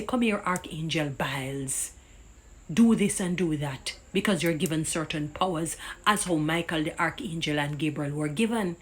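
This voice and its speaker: A commentator with a Jamaican accent and a mid-range voice delivers an impassioned, indignant opinion rant, preaching and citing scripture.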